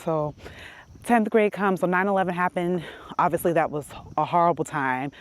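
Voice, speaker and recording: A woman's voice: sits low, brisk. A woman, telling a story in a casual vlog while walking outdoors, a little out of breath. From New York City. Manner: chatty storytelling, acts out quotes with laughs. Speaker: beauty vlogger. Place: outdoors on a quiet country road, walking.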